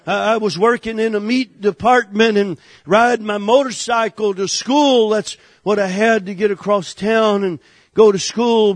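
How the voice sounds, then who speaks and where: A man's voice: high-pitched, no room sound. A man in his forties preaching a sermon in church, exhorting fervently as he tells a story. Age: 40s.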